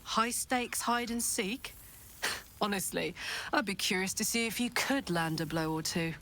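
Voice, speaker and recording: An actress voicing a boisterous, swearing, affectionate tiefling warrior woman in a video game, loud and blunt, laughing easily. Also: medium pitch, a little slow, a little hiss or hum. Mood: fond, excited.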